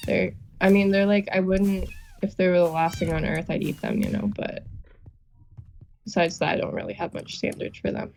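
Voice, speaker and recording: A woman's voice: on the low side, steady tone, moderate pace, vocal fry, a little mellow. A woman streaming, chatting and teasing her friends in a chatty way while gaming. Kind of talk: casual gaming chat with friends. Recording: faint noise with keyboard clicks.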